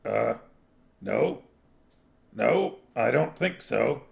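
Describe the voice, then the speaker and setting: A man's voice: mid-range voice, expressive, extremely slow, vocal fry, heavily acted. A man reading aloud, voicing Bjorn, a newly dead male dwarf, in a plain, mildly puzzled way. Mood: bewildered. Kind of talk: audiobook reading.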